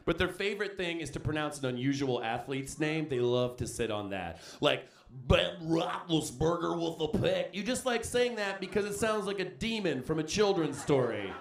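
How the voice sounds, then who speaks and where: Animated man doing stand-up in a roomy club. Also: on the high side, normal speed, few pauses, slight background noise. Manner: animated, switches into exaggerated voices. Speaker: stand-up comedian. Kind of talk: stand-up comedy set. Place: comedy club stage. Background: audience laughter.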